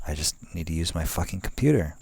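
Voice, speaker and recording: Low, gravelly laid-back guy rambling. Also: lively intonation, quick pace. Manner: meandering, frequent fillers and restarts; laid-back, swears casually. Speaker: vlogger. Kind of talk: rambling casual monologue. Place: outdoors by a tent at night.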